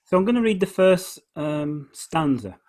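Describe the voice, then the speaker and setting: A man talking through the form of a poem in a relaxed conversation, hesitant and full of restarts, slowing right down whenever he reads lines aloud. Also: fairly high pitch. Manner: hesitant, with many restarts, slows right down when reading verse aloud. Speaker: guest discussing poetry. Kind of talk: relaxed conversation, explaining verse.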